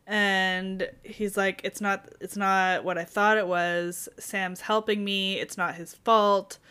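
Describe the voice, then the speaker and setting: Young woman, mid-pitched voice, casual book chat, wry, quotes characters. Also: flat delivery, sharp tone, smooth. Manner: retells scenes in quick quoted voices, wry. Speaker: podcast co-host.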